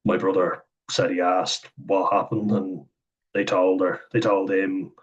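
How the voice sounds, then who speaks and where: Low, flat, husky Irish man. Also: unhurried, muffled recording. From Ireland. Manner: candid, sweary, chuckles while telling stories. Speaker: vlogger. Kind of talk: casual storytelling monologue.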